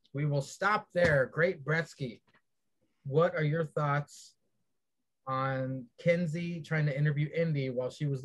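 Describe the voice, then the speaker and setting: A man co-hosting a podcast, giving a brisk, crude, matter-of-fact recap of a wrestling show. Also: a little high. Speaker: podcast co-host.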